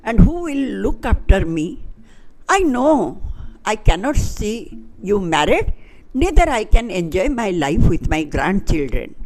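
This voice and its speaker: A woman's voice: medium pitch, sing-song, unhurried, a little mellow, low-quality recording. A woman voicing a grieving widowed mother who pleads tearfully with her son. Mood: pleading.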